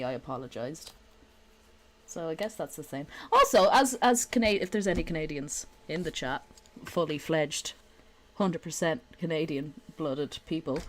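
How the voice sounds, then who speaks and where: Irish woman streamer, young adult, chatty and sweary, very lively pitch. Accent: Irish, Dublin. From Ireland. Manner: chatty, swears freely, laughs often. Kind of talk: casual live-stream chat.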